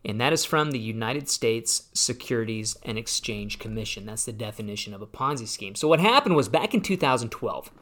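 A man in his forties hosting a retirement planning show on his own, animated and sarcastic as he gets fired up and reads from his book. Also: medium pitch, a little fast, few pauses. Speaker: retirement planning radio host. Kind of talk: casual solo talk show.

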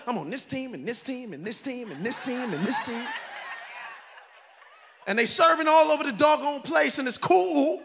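A middle-aged pastor delivering a sermon, shouting and preaching with comic impressions of his congregation. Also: very high-pitched, lively intonation, normal speed, vocal fry. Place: large church hall. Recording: echoey church hall with faint ambience.

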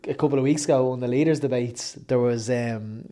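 A man's voice: medium pitch, a little fast, mellow. An Irish man hosting a casual podcast chat, eager and agreeable. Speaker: podcast host.

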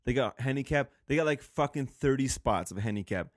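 A man riffs on a talk show, full of swearing and quick laughs as he rambles through his point. His voice sits mid-pitched and plain. The mic is close and dry, with no room around him. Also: lively intonation, dry recording. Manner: profane, rambling, laughs often. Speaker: podcast co-host. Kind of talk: crude casual banter.

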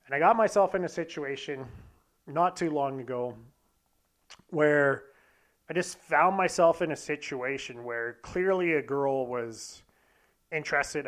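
A man's voice: mid-range voice, fairly bright tone. A young man casually telling a candid, profane, self-deprecating story about himself. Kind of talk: casual anecdote monologue.

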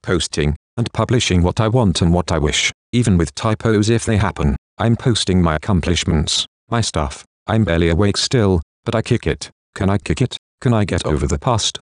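A man's voice: deep voice, moderate pace, hardly any pauses, no echo, clean studio sound. A man reading a memoir aloud in a blunt, confessional way, swearing freely. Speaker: memoir narrator. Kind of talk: scripted audiobook narration.

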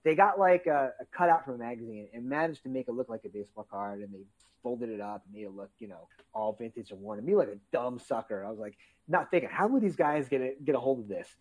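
A man telling childhood stories in casual chat, acting out quotes with loud outbursts and frequent swearing. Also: mid-range voice, quick pace, poor audio. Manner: animated storytelling, acts out quotes loudly; swears freely.

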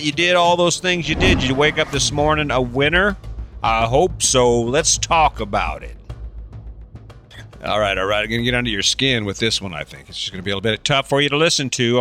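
An older man in a casual monologue, needling his listeners with sarcastic questions and small chuckles. His voice is bright and forward, and it is recorded close and dry with no room sound. His talk rambles loosely with restarts. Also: medium pitch, dry recording. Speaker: vlogger.

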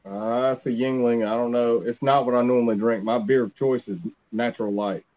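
A man's voice: mid-range voice, fairly even intonation, a little fast, muffled recording. A man chatting casually as a podcast guest, hesitant and laid-back with few words.

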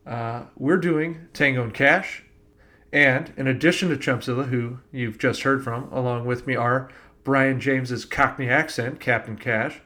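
A man's voice: mid-range voice, steady tone, unhurried, pushed and bright. A man hosting a movie podcast, making mock-solemn speeches and cracking jokes in casual chat. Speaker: podcast host.

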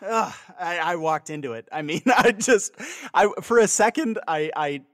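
A man's voice: high voice, animated, normal speed, dry recording, studio quality. A man from Canada chatting casually as a podcast co-host, laughing easily and rambling a little. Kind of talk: casual chat.

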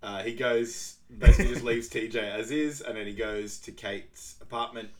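A man's voice: mid-range voice, fairly even intonation, moderate pace. A man co-hosting a podcast, summarising film scenes in easygoing chat with many fillers and frequent laughs. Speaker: podcast co-host. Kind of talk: casual film recap chat.

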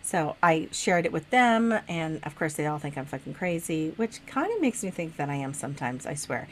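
Animated woman telling a wild dream. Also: deep voice, moderate pace, slight background noise. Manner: animated, swears freely, laughs often, acts out voices. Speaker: guest sharing a dream. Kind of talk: casual storytelling chat.

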